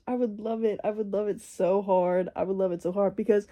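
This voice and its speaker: A woman's voice: mid-range voice, fairly even intonation, fairly quick, few pauses, warm tone. A young woman chatting casually to her camera in a reading vlog, rambling and interrupting herself as she goes. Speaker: reading vlogger.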